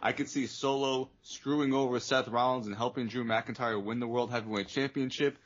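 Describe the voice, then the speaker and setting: A man's voice: mid-range voice, steady tone, brisk. A man co-hosting a podcast, explaining his views at length with emphatic swearing in a casual wrestling chat. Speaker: podcast co-host. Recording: dull lo-fi podcast audio.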